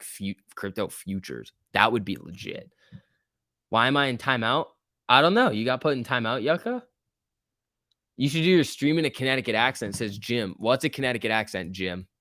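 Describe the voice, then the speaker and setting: A man's voice: mid-range voice, very animated, normal speed, pushed and bright, dry recording, clean studio sound. A young man hosting a casual stock-market live stream, reading viewer comments aloud and cheering the chart on. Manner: chatty, reacts to chat and price moves, cheering the chart on. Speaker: stock market livestream host.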